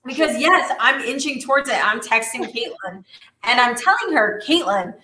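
A woman co-hosting a podcast in casual chat, animated and exasperated, talking with plenty of fillers. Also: a little high, moderate pace, echoey room. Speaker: podcast co-host.

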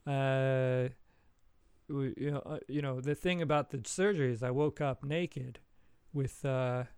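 A man's voice: medium pitch, fairly even intonation, unhurried, darkish tone, clean tone, no echo. Rambling, laughing man in his forties. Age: 40s. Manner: rambling, laughs often while telling stories. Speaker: podcast co-host. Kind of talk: casual chat.

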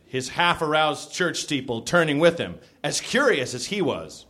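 A man's voice: on the high side, very animated, a little slow, few pauses, bright, forceful tone. A man comedian reading a raunchy story aloud to a live theater audience, stumbling and laughing now and then. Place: small theater stage.

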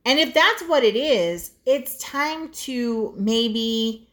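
A woman's voice: on the high side, lively intonation, slow, fairly bright tone. A woman in her forties co-hosting a casual chat podcast, blunt and profane as she tells stories. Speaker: podcast co-host.

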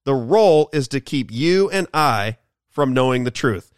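A man's voice: mid-range voice, expressive, measured pace, clean tone, no room sound, studio quality. A man hosting a political talk radio show, delivering an emphatic, repetitive monologue.

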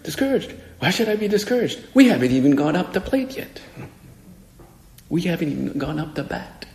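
A man's voice: a little high, big pitch swings, fairly quick, vocal fry, darkish tone, voice pushed up. A man voicing an eager little boy ballplayer, talking in an undaunted, exclaiming way, in an echoey hall with faint music behind.

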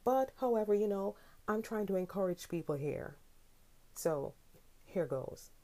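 A woman's voice: on the low side, a little slow, warm tone. A woman hosting her own podcast, talking earnestly and with growing passion, asking pointed questions. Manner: earnest, impassioned, rising to indignant questions. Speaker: podcast host. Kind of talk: solo podcast talk.

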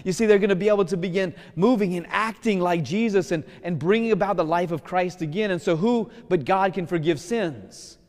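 A male Catholic priest giving a sermon in a lively, casual way, slowing down to stress key points. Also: high voice. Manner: lively, casual preaching that slows for emphasis. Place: church. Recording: long church reverb.

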